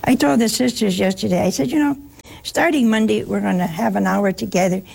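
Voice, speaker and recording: A woman's voice: medium pitch, brisk, creaky, darkish tone, breathy edge. An older American woman giving a conversational talk as a religious sister, telling humorous stories and acting out the dialogue. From United States. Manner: humorous storyteller who acts out dialogue.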